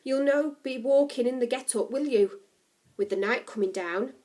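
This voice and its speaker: Lady putting on a sly old scottish fisherman, slow knowing drawl, storybook style. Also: high voice, warm tone, natural voice.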